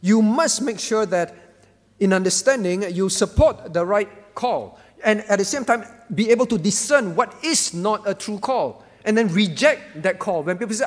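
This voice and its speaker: A man's voice: high-pitched, lively intonation, normal speed, in a large hall. A man preaching a sermon as pastor, emphatic and repetitive, asking the congregation questions. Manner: emphatic, repeats key phrases, asks the congregation questions.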